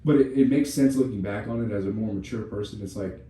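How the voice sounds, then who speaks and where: A man's voice: lowish voice, fast, mellow, distant mic. A young man on a podcast telling a personal story in a candid, profane way, often restarting his sentences. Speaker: podcast co-host. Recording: echoey room, voice off-mic.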